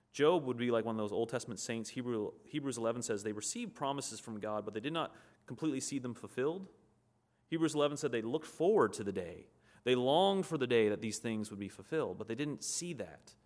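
A man preaching a sermon in an earnest, conversational way, reading scripture aloud and explaining it. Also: mid-range voice.

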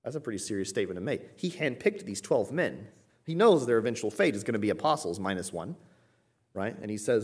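A pastor preaching an expository sermon, teaching earnestly and pushing hard on key words. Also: male voice, fairly low pitch, big pitch swings, brisk, slightly rough.

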